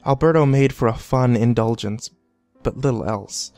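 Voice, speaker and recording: A man reading a scripted horror story in a measured, deliberate way. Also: mid-range voice, a little mellow, dry recording. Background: faint background music.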